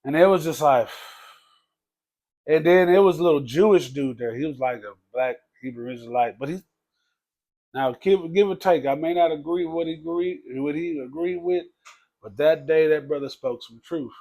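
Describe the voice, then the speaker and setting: A man telling his life story in a casual podcast conversation, talking loosely and dropping low to quote others. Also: moderate pace, mellow. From Texas. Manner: conversational, peppers speech with "man" and "bro", drops low for quoted speech. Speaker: podcast guest.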